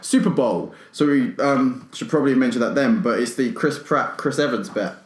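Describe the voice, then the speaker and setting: A man talks casually as a podcast co-host, mid-pitched and chatty, laughing often. His voice rings in an echoey room. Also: normal speed, slight background noise.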